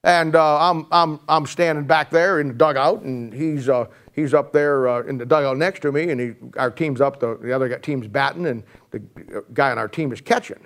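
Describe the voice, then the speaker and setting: A man's voice: mid-range voice, normal speed, few pauses, fairly bright tone. A man in his sixties giving a conversational sermon, joking and rambling through stories with frequent restarts. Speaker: preacher.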